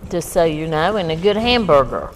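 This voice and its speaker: A middle-aged woman speaks as a dinner guest, earnest and reflective, often pausing on "um" and "you know". The room is reverberant, with faint noise behind her. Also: low voice, animated. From West Virginia. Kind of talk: casual chat over a dinner table.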